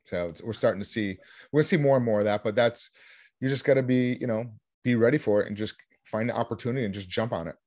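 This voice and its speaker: A man taking part as an investor guest in a casual interview over a video call, upbeat and chatty and quick to agree. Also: medium pitch, darkish tone, no room sound, studio quality. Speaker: real estate investor guest.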